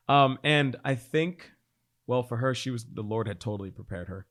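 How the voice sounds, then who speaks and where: A man in his thirties, a podcast guest, telling a personal story in a casual, animated way, acting out quoted voices and laughing often. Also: fast. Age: 30s. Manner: animated, acts out quoted voices with big pitch jumps; laughs often, frequent fillers like "like".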